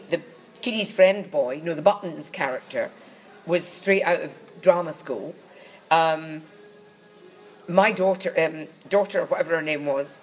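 A woman's voice: lowish voice, rough recording. Wry, bawdy woman telling stage stories. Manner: bawdy, wry storyteller who slips into comic voices. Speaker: guest recounting her acting past. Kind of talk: anecdotal interview chat.

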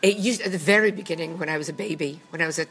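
A woman's voice: deep voice, very fast, a crowd in the background. A woman, a comedy critic co-hosting a casual chat, dry and blunt in manner. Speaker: comedy critic and podcast co-host.

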